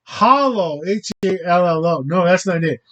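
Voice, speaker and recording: A man's voice: high voice, lively intonation, normal speed, fairly bright tone, poor audio. A man hosting his own channel in a rambling, hesitant casual monologue, often stopping short and fumbling over foreign words. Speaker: channel host.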